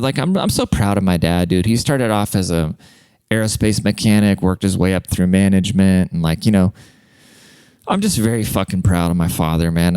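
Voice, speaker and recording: Profane, rambling man with a low, smooth voice. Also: darkish tone, no room sound. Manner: profane, rambling storyteller who laughs at his own jokes. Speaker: podcast host. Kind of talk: casual comedic monologue.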